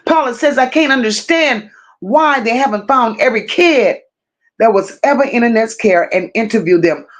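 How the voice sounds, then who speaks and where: A live-stream host reads out comments from her viewers and responds, her voice a little high and animated. She talks slowly, repeats phrases for emphasis, and addresses the audience as though they were close friends.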